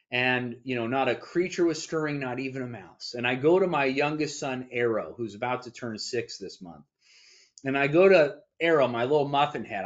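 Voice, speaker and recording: Man, firm owner giving an interview, salesy and folksy, dull lo-fi sound. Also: medium pitch. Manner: folksy salesman with homespun analogies. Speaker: retirement planning firm owner, guest. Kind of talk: interview answers. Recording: dull lo-fi audio.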